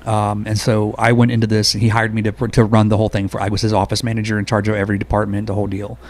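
A man who is an Army veteran, telling stories in a blunt, quick, conversational way as an interview guest. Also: on the low side, completely flat delivery. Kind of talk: casual interview storytelling.

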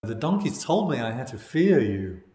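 A man's voice: medium pitch, very animated, moderate pace, dark tone, close to an everyday voice. A man doing a bewildered young lion. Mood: puzzled. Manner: puzzled, earnest questioning. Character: young male lion who thinks he is a donkey, bewildered. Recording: roomy echo.

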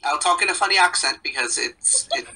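A man's voice: a little high, lively intonation, a little fast, gravelly, sharp tone, breathy edge, rough recording. A young man chatting as a podcast guest, rambling and joking in a self-deprecating way. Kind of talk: casual chat.

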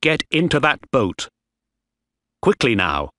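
A young ship officer speaks with defiant, firm resolve, as a man puts him on. His delivery is slow and his pitch moves a lot, recorded dry and close. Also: big pitch swings, bright, forceful tone, dry recording, exaggerated voice. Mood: commanding.

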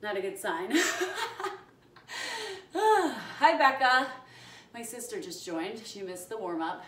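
A young woman instructor, mid-range in pitch, hosts a live at-home exercise class, counting down reps and welcoming viewers by name while winded from working out alongside them. Slight background noise, room echo, and a distant phone mic mark the stream.

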